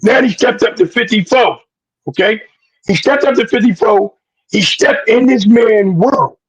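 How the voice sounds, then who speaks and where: A man co-hosting a boxing podcast, loud and preachy, full of slang, sometimes shouting. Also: sits high, a little slow, husky, dull audio. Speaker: podcast co-host. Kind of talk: animated boxing talk.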